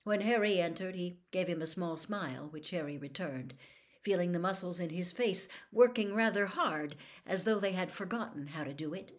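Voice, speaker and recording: A woman reading a novel aloud as a storyteller, with expressive, dramatic narration. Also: fairly low pitch, normal speed.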